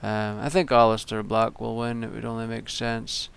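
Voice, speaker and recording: A man's voice: medium pitch, level tone, moderate pace, gravelly, a bit bright, clear, resonant tone. A young man giving casual, rambling solo commentary, with frequent ums and restarts. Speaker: wrestling vlogger.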